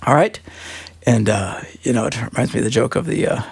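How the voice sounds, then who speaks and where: A man's voice: mid-range voice, fairly quick, gravelly, breathy edge. A middle-aged man hosting a radio advice show, rambling and joking and laughing often. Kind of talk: call-in advice show banter.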